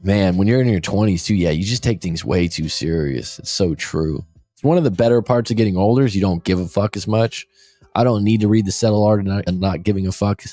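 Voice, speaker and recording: A man's voice: fairly low pitch, a little fast, warm tone, no room sound, faint music behind. A man in his forties, a life coach hosting a show, talking casually and bluntly, swearing freely. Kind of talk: casual podcast talk.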